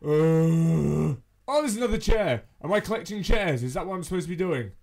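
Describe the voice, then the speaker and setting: A man's voice: a little high, expressive, normal speed, gravelly, a little mellow. A man commenting while he plays a horror game, jumpy and yelping, talking back to the monster on screen. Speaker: gamer.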